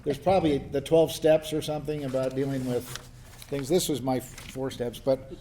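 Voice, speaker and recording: A man from New Mexico telling lively personal stories as a panelist, laughing and acting out the voices of people he quotes. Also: medium pitch, normal speed, a little hiss or hum. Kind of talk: storytelling in a panel discussion.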